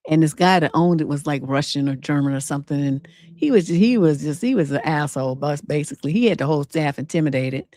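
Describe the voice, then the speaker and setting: A middle-aged woman, a relationship coach and livestream host, telling a personal story in a casual, animated way, acting out quotes with attitude and cursing freely. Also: sits low, quick pace, a little hiss or hum. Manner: animated, sassy storytelling with acted-out quotes and swearing.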